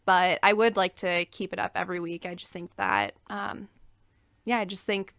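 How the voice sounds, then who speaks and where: A woman's voice: mid-range voice, fairly even intonation, normal speed, creaky, fairly bright tone, dry recording, clean studio sound. A woman guest on a podcast, chatting energetically and laughing easily. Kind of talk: casual chat.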